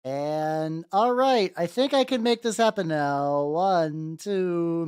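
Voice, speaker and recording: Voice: medium pitch, lively intonation, unhurried, hardly any pauses, a little mellow, clean tone. A VTuber streamer chatting casually while painting miniatures, rambling and greeting viewers by name with casual swearing. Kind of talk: casual livestream chat.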